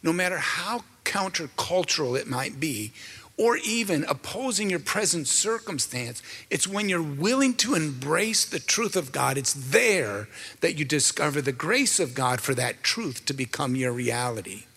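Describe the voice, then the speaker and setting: A man's voice: fairly high pitch, big pitch swings, measured pace, pushed and bright, breathy edge. A man giving a sermon with a personal testimony, telling his story in an earnest, emotional way. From Canada. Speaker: minister. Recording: hall with long reverb.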